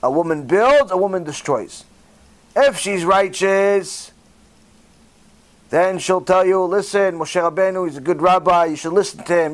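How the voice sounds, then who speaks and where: High-voiced rabbi preaching animatedly. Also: male voice, a little slow. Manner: animated storytelling, acting out dialogue in different voices. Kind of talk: sermon.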